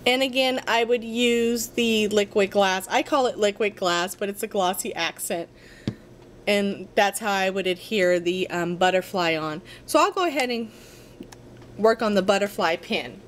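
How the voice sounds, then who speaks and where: A woman's voice: medium pitch, measured pace, a little hiss or hum. A woman giving a casual crafting tutorial, chatty and a little apologetic, talking to herself as she works at her craft table.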